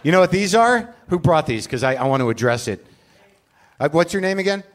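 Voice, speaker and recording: A man's voice: fairly high pitch, sing-song, a little fast. A man hosting a show live on stage, delivering a rambling, self-deprecating comic rant full of profanity. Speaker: podcast host. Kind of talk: live comedic monologue.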